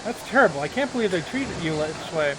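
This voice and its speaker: Higher-voiced man musing through a game. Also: fairly quick. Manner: musing and relaxed, reads his own dialogue choices aloud. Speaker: gamer playing a computer role-playing game. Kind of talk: casual let's-play commentary. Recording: noisy hiss behind voice.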